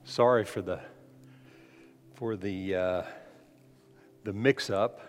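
A man's voice: on the low side, fairly even intonation, slow. Man preaching in a hall. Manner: conversational preaching with frequent restarts. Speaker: pastor. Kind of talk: sermon. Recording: long hall reverb.

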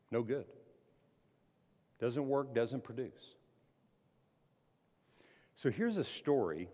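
A man's voice: medium pitch, darkish tone. Preaching man in a reverberant hall. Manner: earnest preaching, reads scripture aloud with rising emphasis. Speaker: pastor. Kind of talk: sermon.

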